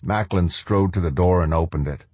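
Deep husky guy narrating slow, dry close mic. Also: dark tone, dry recording. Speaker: audiobook narrator. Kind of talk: scripted narration.

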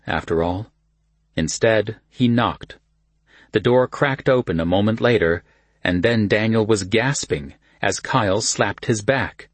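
A man narrating an audiobook in a calm, even storytelling manner. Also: low voice, slightly rough, dry recording.

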